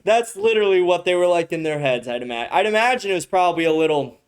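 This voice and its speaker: A young man hosts a podcast and comments on a clip. He talks in a loose, rambling way with plenty of profanity. His voice sits a little high for a man. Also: animated, fast, clean tone. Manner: rambling, frequent swearing, restarts. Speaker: podcast host.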